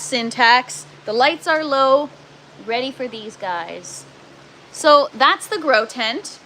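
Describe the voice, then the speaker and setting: A woman's voice: on the high side, a bit bright, slight background noise. A woman hosting a casual home livestream from her grow tent and kitchen, chatting, laughing often and greeting viewers by name. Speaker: livestream host.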